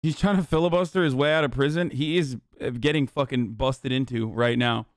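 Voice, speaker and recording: A man's voice: medium pitch, a little fast, dry recording, clean studio sound. A young man reacting on a stream in casual, profane commentary, ranting and acting out outbursts. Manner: profane, excitable, rants and acts out outbursts.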